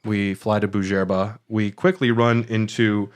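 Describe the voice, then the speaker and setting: A man's voice: fairly low pitch, flat delivery, unhurried, slight background noise. A man co-hosting a podcast, casually recapping a video game and laughing easily. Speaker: podcast co-host.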